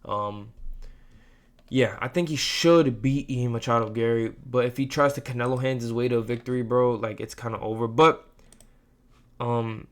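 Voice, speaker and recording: A man runs through his fight picks in a loose, slangy ramble, tossing in "bro" every few lines. His voice sits at an ordinary middle pitch, and he talks to the camera like he's chatting with friends. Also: steady tone, moderate pace. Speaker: host of fight prediction channel. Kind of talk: casual sports predictions talk.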